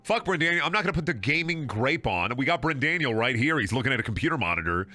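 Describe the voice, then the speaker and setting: A man's voice: medium pitch, big pitch swings, fast, bright, forceful tone, faint music behind. A man streaming a video game, talking in a sarcastic, rambling, profane way with frequent laughing and repeated words. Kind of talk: casual game livestream commentary.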